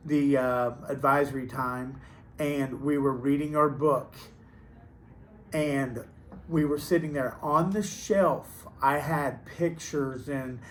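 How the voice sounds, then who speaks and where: A man's voice: medium pitch, a little hiss or hum. A man who teaches and coaches, telling ghost stories from his classroom in an easygoing, playful way. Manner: easygoing and playful, drawn-out pauses. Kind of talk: casual storytelling.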